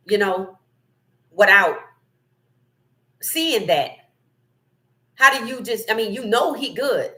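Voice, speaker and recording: Female streamer-host, bright tone, casual and animated, reads chat and riffs. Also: mid-range voice. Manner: animated, opinionated, laughs often. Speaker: sports talk livestream host. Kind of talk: casual livestream commentary reading chat.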